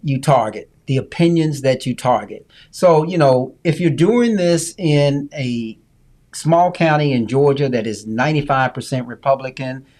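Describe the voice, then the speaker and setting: A man with a mid-range voice chats about politics on a podcast. He talks in a loose, teasing way and reads viewer comments out loud. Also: medium pitch, unhurried. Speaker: podcast co-host. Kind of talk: casual political chat.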